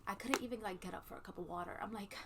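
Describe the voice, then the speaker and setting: A woman talks straight to camera in a loose, candid home vlog, full of ums and likes and casual swearing. Her voice sits at an ordinary middle pitch. A faint ceiling fan hums behind her. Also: very fast. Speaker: vlogger. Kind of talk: casual pregnancy update vlog. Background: faint ceiling fan hum.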